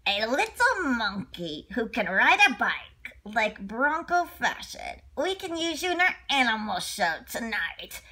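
A showy storybook director of an animal show, theatrical and welcoming, as a woman reads him. The voice is bright and lively, with a wide swing in pitch. He takes his time with each line. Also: unhurried, full character voice. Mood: pleased. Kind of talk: children's storybook read-aloud.

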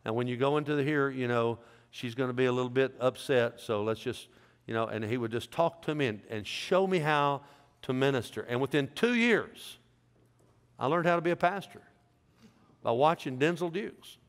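A man's voice: mid-range voice, normal speed. A middle-aged man preaching a sermon as pastor, in a folksy, joking, conversational way. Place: large church sanctuary. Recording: reverberant church hall.

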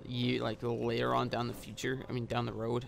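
A man's voice: medium pitch, monotone, moderate pace, vocal fry, noisy background. A man giving casual gameplay commentary as a gaming YouTuber, rambling with many filler sounds and swearing at the game, recorded on a headset mic.

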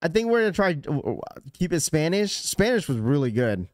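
Animated streamer man chatting with his viewers. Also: fairly high pitch, brisk, no room sound, studio quality. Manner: rambling, chatty, talks straight to chat. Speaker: livestream host. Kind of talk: casual live-stream chat.

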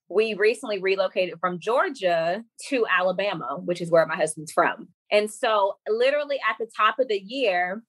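A young woman speaks as a podcast guest, telling a personal story in a casual, lively way. Her pitch sits mid-range, and she jumps up high when she mimics other people. The recording is dry and close, with no room sound. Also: no echo. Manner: lively storyteller who acts out quoted dialogue. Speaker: podcast guest, women's coach.

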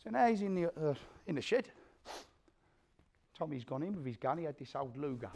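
A man's voice: a little high, sing-song, a little fast, creaky, dark tone, exaggerated voice. A man playing a spiteful London gangster. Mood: grim boasting. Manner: coarse, swearing, vividly re-enacts scenes. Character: hard, spiteful male London gangster recounting a brutal feud. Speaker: actor performing a stage monologue. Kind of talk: theatrical storytelling monologue.

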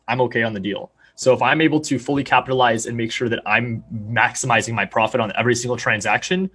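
A young man talks fast and sure of himself, laying out figures in a salesy pitch. His voice is a touch husky, and the pace rarely lets up through a podcast interview. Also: a bit bright. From Arizona, USA. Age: young adult. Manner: fast, confident, salesy explaining. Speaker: real estate agent, guest.

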